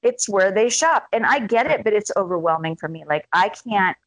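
A woman's voice: medium pitch, normal speed, no echo, low-quality recording. A woman in casual chat, telling stories with lots of swearing and acting out the voices of the people she quotes. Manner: animated storyteller, swears freely, acts out quoted voices. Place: lives in Arizona.

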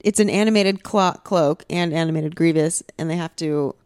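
A mid-pitched co-host gushes about a film in easy, casual talk, filling gaps with "like". The recording is dry and close. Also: moderate pace, darkish tone, clear, resonant tone, dry recording. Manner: enthusiastic, lots of "like". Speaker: podcast co-host.

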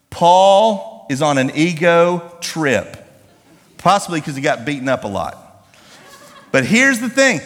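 A man preaching a sermon in a church, animated and humorous, reading scripture slowly with emphasis. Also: on the high side. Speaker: pastor. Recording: echoey hall with long reverb.

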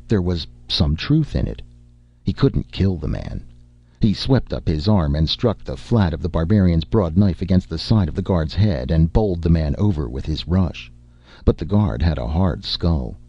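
A man reading a story aloud as a narrator, in measured scripted narration. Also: low-pitched, gravelly, warm tone, slightly rough, no room sound, muffled recording. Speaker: audiobook narrator.

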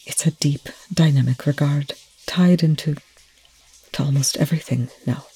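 A despairing male scientist, as the storybook reader puts him on, low and gravelly, dropping toward a whisper. He sounds dark and husky, every sentence weighed down and halting. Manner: quiet, halting, near tears.

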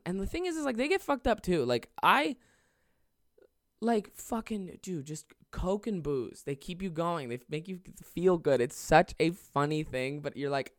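A man's voice: fairly high pitch, expressive, moderate pace, dry recording, clean studio sound. Rambling, swearing young guy telling a story. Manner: rambling, profane, laughs through the story. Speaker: podcast host. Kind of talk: comedic storytelling.

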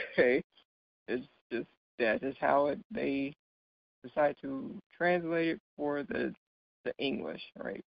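A man's voice: mid-range voice, slow pace, vocal fry, no room sound. Man, Bible study teacher, patient explaining, frequent check-ins, dry dull recording. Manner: checks in often with "right?" and "okay?"; explains patiently with light laughs.

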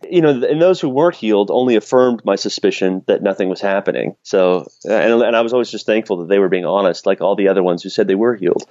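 A man's voice: lowish voice, a little mellow, no room sound, muffled recording. A man telling a personal story in a casual conversation, candid and self-deprecating, laughing now and then. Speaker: podcast guest.

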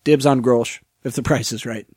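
A man's voice: mid-range voice, steady tone, normal speed, a little mellow, breathy edge, no echo, clean studio sound. A man co-hosting a casual podcast, teasing the others and laughing. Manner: teasing, exasperated, laughs often. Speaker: podcast co-host. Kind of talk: casual chat.

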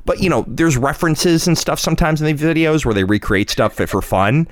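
A man's voice: fairly high pitch, fairly quick. A man in his thirties co-hosting a casual chat, animatedly telling stories and acting out his son's lines. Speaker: co-host.

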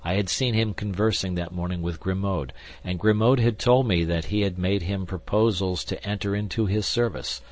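A man's voice: low voice, moderate pace, close to an everyday voice. A man doing Athos, a wry, indifferent musketeer. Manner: calm, drawling and wry. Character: coolly indifferent older male musketeer, wry gambler. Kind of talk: audiobook character reading.

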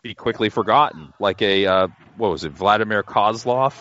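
A man co-hosting a casual wrestling chat, relaxed and chuckling between remarks. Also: on the low side, normal speed. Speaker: podcast co-host. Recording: dull lo-fi sound with faint noise.

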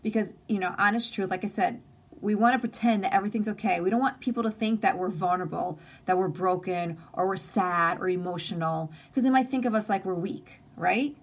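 Brief: woman in her forties, mid-pitched voice, sincere conversational live-stream host. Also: a little fast. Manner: earnest, open and conversational, with emphatic lists. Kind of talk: casual heartfelt live-stream talk.

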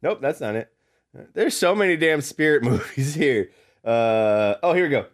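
A young man co-hosting a casual podcast, his voice mid-pitched and swinging widely as he tells stories. He breaks into laughter and bursts of exclamation. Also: animated, normal speed. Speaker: podcast co-host. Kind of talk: casual chat.

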